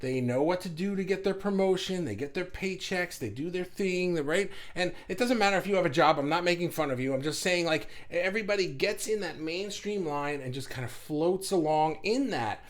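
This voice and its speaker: A man's voice: sits high, a little fast, few pauses. Rambling man hosting a spiritual chat. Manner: rambling, animated, laughs and sighs often. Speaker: spiritual channel host. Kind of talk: casual livestream talk.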